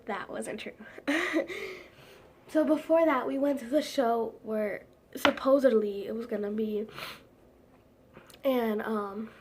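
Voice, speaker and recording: A woman's voice: on the high side, takes it slowly, long pauses, a little mellow, a little hiss or hum. A teenage girl chatting casually to camera at home, rambling with lots of "like" fillers and giggles. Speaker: vlogger.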